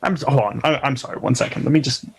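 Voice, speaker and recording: A man's voice: mid-range voice, rapid-fire, slight background noise, natural voice. A man playing a nervous young intern on a pirate ship, stammering and flustered, in an improv scene. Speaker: improv performer.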